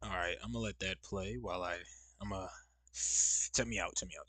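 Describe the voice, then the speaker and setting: A man's voice: deep voice, fairly even intonation, fast, bright, forceful tone, dry recording, faint music behind. A young man live-streaming, chatting casually and rambling to his viewers with slangy asides. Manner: rambling, talks straight to chat with slangy asides.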